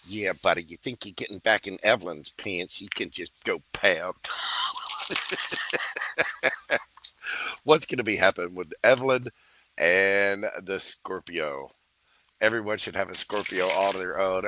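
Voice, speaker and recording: A man's voice: low-pitched, a little slow, pauses often, bright, forceful tone. A man reading tarot on a livestream, joking and chatty in a playful mood. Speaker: tarot reader.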